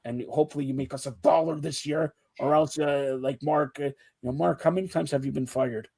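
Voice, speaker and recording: A man hosting a casual sports talk show, loud and teasing, joking with his co-hosts. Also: a little high, fairly even intonation, fairly quick, vocal fry, breathy edge, no echo. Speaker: show host.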